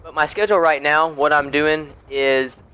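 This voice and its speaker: A man's voice: fairly high pitch, steady tone, moderate pace, sharp tone, clean tone, rough recording. A young man chatting casually over gameplay, rambling with lots of fillers and restarts. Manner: laid-back and chatty. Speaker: gaming YouTuber.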